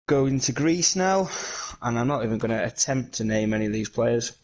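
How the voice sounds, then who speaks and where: Bloke, solo play-by-play gamer commentator, chatty and filler-heavy, mid pitch. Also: male voice, animated, normal speed, poor audio. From England. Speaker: video game match commentator.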